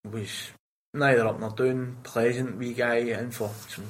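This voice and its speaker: A man's voice: mid-range voice, a little slow, a little hiss or hum, low-quality recording. A young Scottish man, a prison officer, chatting casually in an interview and telling stories with plenty of swearing. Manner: swears freely, animated storytelling.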